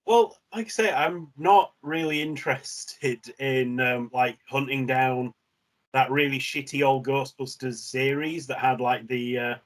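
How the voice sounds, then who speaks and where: A man's voice: mid-range voice, steady tone, a little slow. A man as a guest in a casual chat, hesitant and blunt with many fillers.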